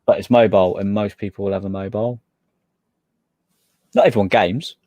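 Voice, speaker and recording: Low-voiced man, podcast co-host, hesitant delivery, dry recording. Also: steady tone, a little fast, mellow, no echo, highs cut off. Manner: hesitant, trails off and restarts. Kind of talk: casual chat.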